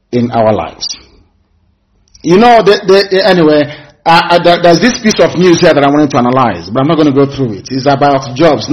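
A man's voice: mid-range voice, muffled recording. A man giving impassioned political commentary, full of rhetorical questions and preacher-like repetition.

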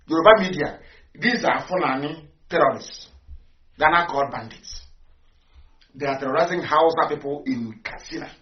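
A man hosting impassioned political talk, fiery and rhetorical, repeating his points for emphasis. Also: high voice. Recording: echoey, distant, dull with faint hiss.

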